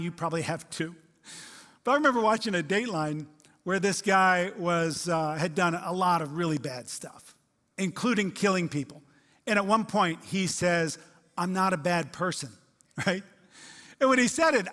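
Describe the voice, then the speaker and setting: A man preaching a sermon as pastor, animated and acting out the voices he quotes, swinging from loud to hushed. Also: high-pitched. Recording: long hall reverb.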